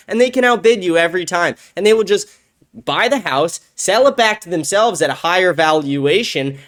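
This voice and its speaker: A man's voice: high voice, fairly bright tone. A man in his twenties hosting a show, delivering an angry, profane political rant. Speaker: show host.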